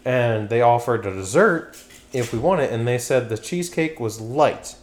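A man's voice: medium pitch, expressive, normal speed. A young man from Pennsylvania hosting a podcast, chatting casually, rambling, swearing and losing his train of thought. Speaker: podcast host. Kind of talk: casual chat.

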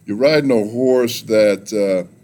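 A man's voice: fairly low pitch, a little slow, warm tone. A man hosting a podcast interview, friendly and joking as he leads the questions. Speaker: podcast host.

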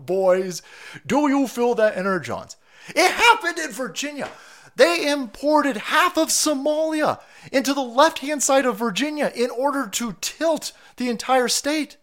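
A man on a livestream rants with an angry, crude edge, and his pitch jumps all over the place. He goes from mocking asides to outbursts, with his voice rising and falling sharply. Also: expressive, measured pace, a bit bright. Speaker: livestream host. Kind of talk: profane political rant.

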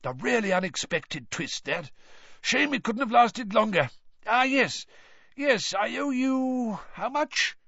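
A hearty wizard announcer roars to a stadium crowd in a storybook, his voice leaping high and far above the narrator's own, as a man puts him on. The sound is dry and a little dull. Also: expressive, takes it slowly, gravelly, bright, forceful tone, dry recording, heavily acted. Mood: hoarse, jolly. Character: booming jovial male sports announcer wizard.

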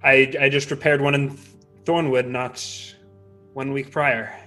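Stammering male player, bright voice. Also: medium pitch, flat delivery, measured pace, faint music behind. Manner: hesitant, stammering, laughs often. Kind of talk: playing a character in a tabletop game.

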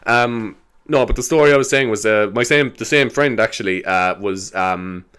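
A man's voice: lowish voice, fairly bright tone, clean tone. Rambling, sweary Irish man in his twenties. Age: 20s. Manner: rambling, sweary, quick to laugh, with many fillers. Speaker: podcast host. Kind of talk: casual rambling monologue.

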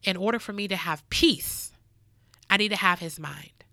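A bright-voiced woman leads a devotional podcast talk, earnest and preacherly, circling back to the same phrases for emphasis. She calls her listeners child and baby. The sound is close and dry, with no room around it. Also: medium pitch, normal speed, no echo. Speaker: podcast host.

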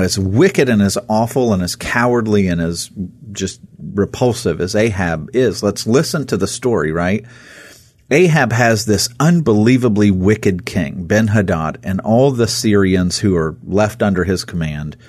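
Husky low-voiced man discussing scripture. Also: normal speed, dry recording. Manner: animated, acts out quoted speech. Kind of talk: casual Bible discussion.

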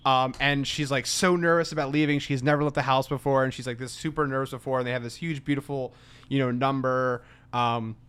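A man's voice: medium pitch, fairly even intonation, fairly quick, a bit bright, smooth. A young man from the East Coast, co-hosting a casual podcast chat and rambling off on tangents. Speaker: podcast co-host.

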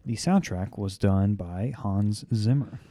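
A man co-hosting a podcast in casual chat, in a laid-back, low-key way. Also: slow pace, warm tone, no echo, clean studio sound. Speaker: podcast co-host.

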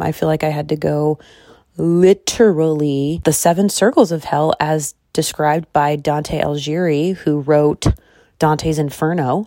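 A woman in her thirties hosting a podcast, chatting candidly and excitably, tired and hungry, swearing freely. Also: low-pitched, no echo, studio quality. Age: 30s. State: tired and calorie deprived. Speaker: podcast host. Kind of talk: casual personal chat. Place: car or bed at home.

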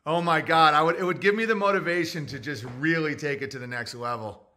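A man's voice: on the high side, fast, sharp tone, a little hiss or hum. A man hosting a podcast in a rambling, crude, joking chat, who also reads listener messages aloud. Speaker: podcast host. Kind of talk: casual comedic rant.

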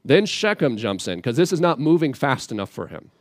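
Male preacher, mid pitch, easygoing and plainspoken, dry read. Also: fairly quick, no room sound. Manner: casual, plainspoken, animated asides. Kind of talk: conversational Bible teaching.

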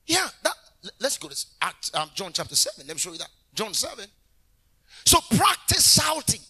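A man minister preaching a sermon in an animated way, bursting into shouts and talking directly to the congregation. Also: sits high, moderate pace, husky.

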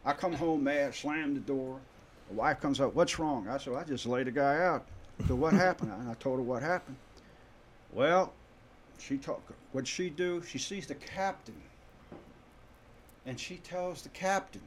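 A man who is a guest on a podcast, telling a story in casual chat and acting out the dialogue in a lively way. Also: mid-range voice, a little slow, pauses often, a little hiss or hum. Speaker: guest, tribute performer of a famous singer.

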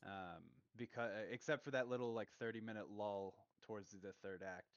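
A man co-hosting a casual film review chat, halting and hedging as he gives his opinions. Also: lowish voice, steady tone, clear, resonant tone, no echo, highs cut off. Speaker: podcast co-host.

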